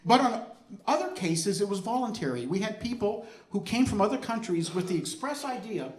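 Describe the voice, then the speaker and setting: A man's voice: sits high, sing-song, normal speed, echoey room. A man telling a family-history story to an audience in a conversational way, often asking the listeners questions. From United States.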